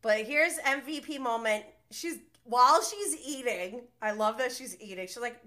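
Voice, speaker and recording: Woman podcast host, chatty, gossipy, higher voice, acts out every quote. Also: measured pace. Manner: animated, gossipy, acts out quotes with big pitch jumps, laughs often. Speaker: podcast host recapping a reality show. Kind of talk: casual chat recap.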